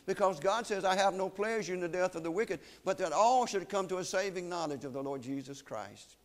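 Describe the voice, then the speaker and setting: Solemn emphatic male preacher. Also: high voice. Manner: solemn, emphatic preaching with slowed, weighty phrases. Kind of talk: sermon.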